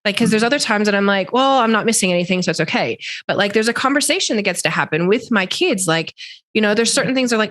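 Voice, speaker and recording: A woman's voice: mid-range voice, expressive, fast, a bit bright, no echo. A middle-aged woman hosting a podcast, telling stories in an enthusiastic, chatty way with frequent laughs. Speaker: podcast host. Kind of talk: casual podcast conversation.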